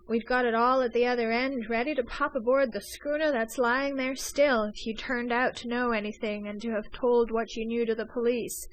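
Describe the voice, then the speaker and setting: A woman reading an audiobook voices an excitable young male gentleman smuggler, talking urgently. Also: on the high side, natural voice, low-quality recording. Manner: urgent, pleading.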